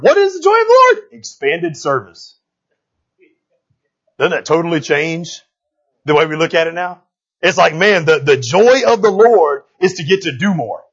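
A man preaching a sermon in a conversational, animated way, often checking in with his listeners. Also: a little high, breathy edge, lo-fi sound. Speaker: pastor.

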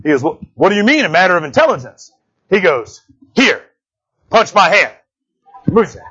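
A man's voice: high voice, sing-song, moderate pace, a bit bright, breathy edge. A man preaching a folksy sermon to his church, telling jokes and calling out to the congregation. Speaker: pastor. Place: church sanctuary. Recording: dull, muffled sound.

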